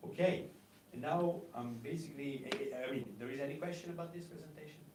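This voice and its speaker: Man presenting in an echoey conference room. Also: on the high side. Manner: halting, many fillers and restarts. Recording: echoey room, mic at a distance, faint noise.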